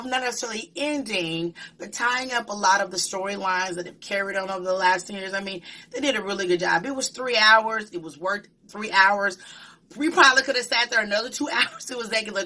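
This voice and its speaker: A woman gushes through a casual movie review in a bright, forceful voice. She talks emphatically and slips into slang. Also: medium pitch.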